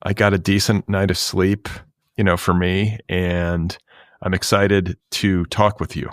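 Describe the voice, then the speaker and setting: A man hosting a pop culture podcast, chatting casually and reading ads in a dry, deadpan way. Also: deep voice, a little slow, no echo. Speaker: podcast host.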